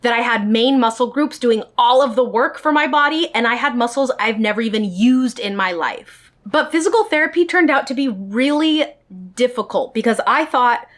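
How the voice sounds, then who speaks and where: Chatty woman vlogger, slightly high voice. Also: normal speed. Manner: chatty, speaks directly to viewers. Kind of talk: storytime vlog.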